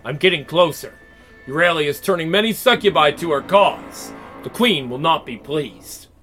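A man's voice: on the high side, lively intonation, normal speed, a bit bright, faint music behind. A man voicing a fierce, strong female goddess warrior who speaks in threats. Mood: determined. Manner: threatening, snarling.

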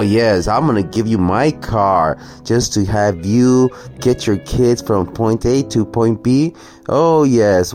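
A man's voice: on the low side, slow pace, darkish tone, soft background music. A man ranting sarcastically and profanely through a reaction commentary video. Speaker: commentary vlogger.

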